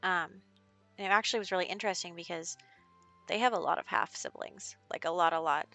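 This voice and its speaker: Bright-voiced woman narrating her game. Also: fairly low pitch, fairly quick, soft background music. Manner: chatty storytelling recap with fillers. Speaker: gaming video host. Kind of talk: casual gameplay narration.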